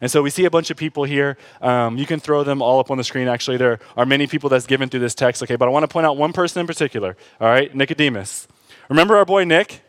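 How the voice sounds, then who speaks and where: A man preaching a sermon in an animated, conversational way, often tossing in quick asides to the congregation. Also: mid-range voice, dry recording. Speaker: pastor.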